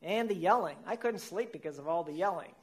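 A man tells a comic first-person story, speaking as a whale, in a playful voice that sits fairly high for a man. He often breaks into laughter at his own lines. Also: animated, fairly quick.

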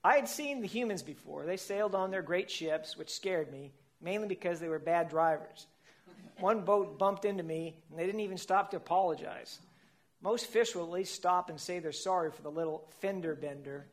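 A man's voice: sits high, moderate pace. Playful man telling a comic story. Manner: playful, comic, laughing at his own lines. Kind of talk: first-person storytelling as a whale.

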